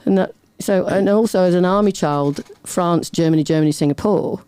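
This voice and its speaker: A woman's voice: lowish voice, brisk, warm tone, clean tone, no echo. A middle-aged woman, a chatty, rambling storyteller talking as a guest in a casual interview. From Britain. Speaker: podcast guest.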